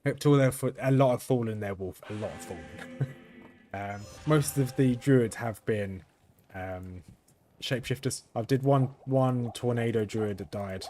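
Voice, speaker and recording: A man with a flat, monotone delivery giving casual gameplay commentary as the channel's host, rambling, correcting himself and chuckling now and then. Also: mid-range voice, moderate pace, slight background noise. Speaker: gaming video host.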